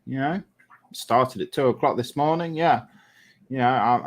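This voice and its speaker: A man's voice: mid-range voice, unhurried. A man, a lorry driver, chatting casually while painting a model and telling a rambling story, often correcting himself.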